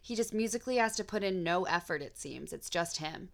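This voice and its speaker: Young woman, podcast co-host, bright and clear tone, giggly, chatty banter. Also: lowish voice, expressive, a little fast. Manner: chatty, giggly, reads aloud from articles. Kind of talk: casual chat.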